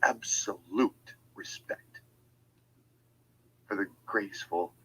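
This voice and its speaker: A man's voice: fairly low pitch, slow, bright, forceful tone, a little hiss or hum, rough recording. A man delivering an angry, profane monologue, heated and confrontational throughout. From United States.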